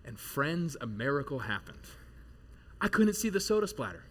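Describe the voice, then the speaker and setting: A man in his thirties preaching a sermon to his congregation, telling a jokey personal story with animated bursts of loud excitement. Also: sits high, brisk. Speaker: pastor. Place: church service before a live congregation.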